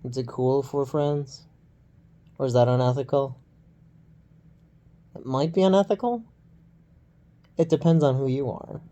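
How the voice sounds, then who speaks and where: Man, casual self-deprecating rambler, slow delivery, recorded on a handheld phone while lying on the floor. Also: medium pitch, mellow. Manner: meandering, self-deprecating, talks in loose tangents. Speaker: vlogger. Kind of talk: rambling casual monologue to camera. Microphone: phone held overhead in one hand.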